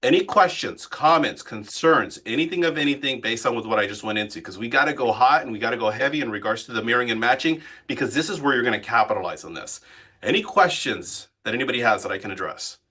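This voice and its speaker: A man leading a live sales training session as a coach. He talks in an animated way and keeps asking the group questions. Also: medium pitch, fast talker. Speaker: real estate sales coach.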